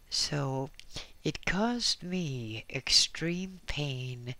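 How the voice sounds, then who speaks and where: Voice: mid-range voice, slow, bright, forceful tone. A reader narrating a first-person memoir with dry, wry asides. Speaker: audiobook reader.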